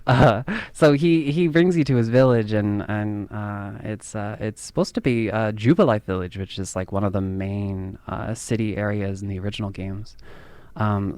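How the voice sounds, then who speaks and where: Low-voiced man rambling casually. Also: a little mellow, no echo. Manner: rambling, chatty, laughs at himself. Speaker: podcast host.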